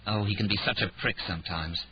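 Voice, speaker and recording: A man's voice: on the low side, brisk, lo-fi sound, noisy background, natural voice. A man narrator voicing a weary young male caretaker, exasperated and wry.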